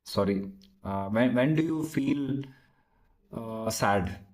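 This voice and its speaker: Mellow-voiced man, English learner, halting, restarts a lot, working at it. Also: mid-range voice, low-quality recording. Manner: halting, searching for words, many restarts. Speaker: English learner practicing speaking. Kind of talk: spoken practice conversation.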